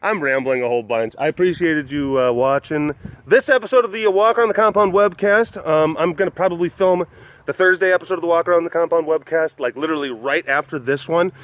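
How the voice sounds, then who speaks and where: Fairly high-pitched, fairly quick, and fairly bright, a man talks to the camera on his vlog. The chat is loose and rambling, with frequent sentence restarts and easy laughter.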